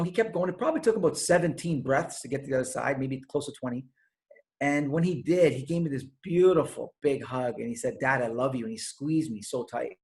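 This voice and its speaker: A man with a somewhat high voice gives a motivational talk over a video call. He tells stories in a conversational way and pauses for fillers as he searches for words. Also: a little mellow. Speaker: speaker.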